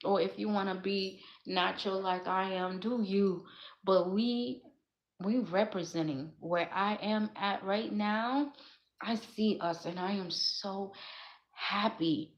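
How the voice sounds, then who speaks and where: A woman vlogger talking straight to camera in a casual, emphatic, profane rant, going from soft musing to loud laughing outbursts. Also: medium pitch. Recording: echoey room, dull lo-fi sound.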